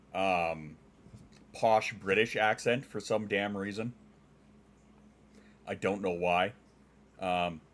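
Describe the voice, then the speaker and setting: Middle-aged Western Canadian man, deep-ish. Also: a bit bright. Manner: clear enunciating, trained voice; joking, dad jokes. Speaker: streamer. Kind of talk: casual chat reading viewer comments.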